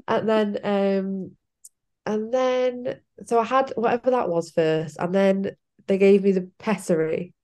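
Speaking slowly in a mid-range, darkish voice, a young woman shares her personal story as a podcast guest. The interview is casual, and she frequently laughs while performing her past lines.

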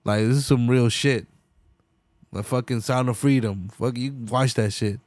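A man's voice: mid-range voice, fairly even intonation, a little slow, darkish tone, no echo. A man hosting a solo podcast, ranting in a heated, profane way and slipping into mocking voices. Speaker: podcast host.

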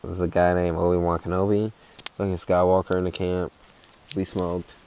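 A man's voice: low voice, flat delivery, normal speed, darkish tone, slight background noise. A young man telling a hiking story in a laid-back, rambling, profane way. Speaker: hiker. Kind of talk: casual storytelling.

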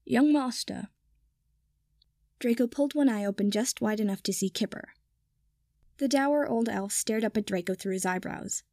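A woman's voice: medium pitch, moderate pace, warm tone, no room sound. Woman reading fiction in a dry booth. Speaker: audiobook reader. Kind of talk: reading fan fiction aloud.

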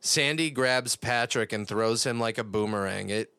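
Low smooth-voiced young man recapping. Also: normal speed, pushed and bright, no room sound. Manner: rambling play-by-play with fillers and swearing. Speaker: podcast co-host. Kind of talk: casual episode recap chat.

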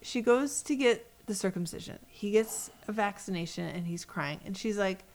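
A woman's voice: mid-range voice, moderate pace. A woman chatting casually with her husband, retelling a video clip with frequent laughs. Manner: chatty, laughs often, lively storytelling. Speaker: co-host reacting to clips. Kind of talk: casual chat.

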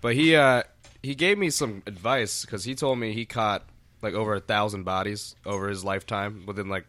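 A man's voice: on the low side, normal speed, fairly bright tone, dry recording. A man who works as a bartender, telling rambling, profane stories in a casual podcast chat. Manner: rambling, many fillers and restarts, swears freely.

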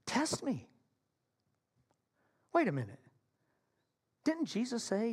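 Lively preaching man, swinging loud to hushed. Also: very high voice, takes it slowly, breathy edge. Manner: animated, playful storytelling with sudden soft drops. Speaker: senior minister. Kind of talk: sermon. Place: church sanctuary.

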